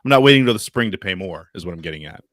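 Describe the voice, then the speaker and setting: A man's voice: sits low, expressive, rapid-fire, a bit bright, no echo. A man co-hosting a podcast in casual chat, making dry joking asides. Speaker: podcast co-host.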